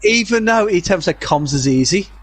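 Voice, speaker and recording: Host, male, slightly higher voice, relaxed halting race-league commentary. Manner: chatty, halting, full of fillers. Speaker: co-commentator of a sim racing league. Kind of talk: casual live race commentary.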